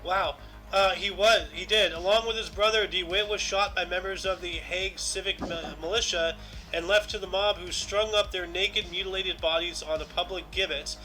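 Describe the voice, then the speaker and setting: A man with a high, very bright voice hosts a casual podcast, reading through lists of historical births and deaths. He adds dry asides between entries, and faint music plays under his voice. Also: steady tone, moderate pace, low-quality recording. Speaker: podcast host.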